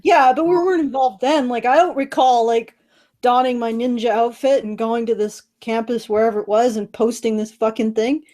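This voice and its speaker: Woman, podcast co-host; high voice, blunt, sarcastic, swears freely. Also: fairly even intonation, normal speed, warm tone. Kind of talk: casual chat.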